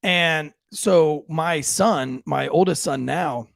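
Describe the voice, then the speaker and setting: A man hosting a casual podcast chat, telling family stories and acting out quotes with lively jumps in his voice. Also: takes it slowly, creaky, dry recording. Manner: animated, acts out quotes with big pitch jumps. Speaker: podcast host.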